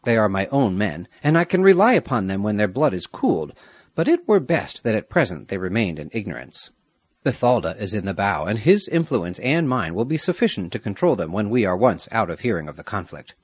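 A man reading the part of a loyal young Aztec noble, steady and commanding, with a husky voice. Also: lowish voice, fairly quick, dry recording.

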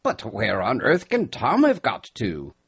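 A man voicing a gruff older sea captain in a storybook reading, hearty and commanding. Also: medium pitch, wildly swooping pitch, measured pace, fairly bright tone, full character voice. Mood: urgent. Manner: hearty, commanding, says "lad".

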